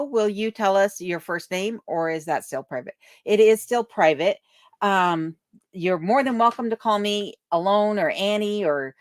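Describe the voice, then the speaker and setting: A woman's voice: fairly low pitch, no room sound, studio quality. A woman from Alaska hosting a casual livestream, reading viewer comments aloud and thanking people one by one. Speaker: livestream host reading chat. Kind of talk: casual live chat. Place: remote home in Alaska.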